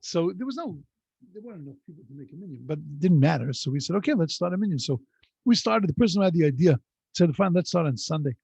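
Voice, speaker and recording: A man's voice: fairly high pitch, animated, fast, creaky, a little mellow, breathy edge, no echo, dull audio. A man, a rabbi, teaching a class in a rambling, anecdotal storytelling way over a video call. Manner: rambling anecdotal delivery with frequent restarts. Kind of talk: conversational storytelling lesson.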